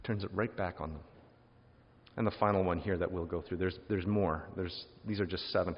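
A man preaching a sermon, lively and wry, acting out quoted questions in different voices and adding joking asides. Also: low voice, a little fast. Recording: dull lo-fi sound with long hall reverb.

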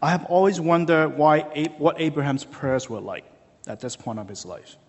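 A man preaching a sermon, telling the story with lively, animated delivery and acting out quoted voices. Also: fairly high pitch, moderate pace, long reverb tail. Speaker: pastor.

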